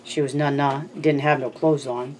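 An audiobook narrator voicing a frightened small boy who blurts out his story in halting bursts. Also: medium pitch, level tone, lightly acted. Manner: blurting, halting, stumbling over words.

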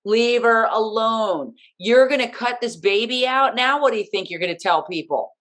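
A woman's voice: fairly high pitch, lively intonation, brisk, a bit bright. A woman co-hosting a casual podcast, talking animatedly and indignantly and acting out her own reactions. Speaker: podcast co-host recapping a TV episode. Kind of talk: casual chat.

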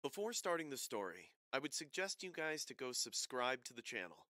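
A man's voice: medium pitch, big pitch swings, normal speed, pushed and bright, no echo. A man speaking directly to viewers in a friendly plug for the channel. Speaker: channel narrator. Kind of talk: subscribe request.

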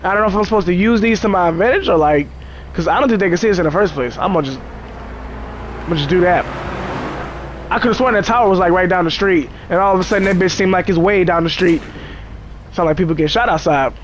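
A man's voice: sits high, a little hiss or hum. A man giving casual gameplay commentary, joking and cursing as he chatters to the game characters. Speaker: gamer.

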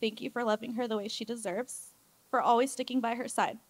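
A woman's voice: a little high, steady tone, fairly quick. A young adult woman giving a maid of honor toast at a wedding reception, chatty and emotional, often laughing.

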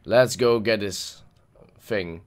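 A man's voice: fairly low pitch, takes it slowly. A man giving live gameplay commentary, frustrated and swearing at the game as he plays. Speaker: gameplay video creator.

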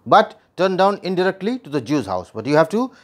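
A man with a fairly high voice walks a class through a scene of a play. He explains each line in plainer words and restarts sentences as he goes. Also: sing-song, brisk. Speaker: literature teacher.

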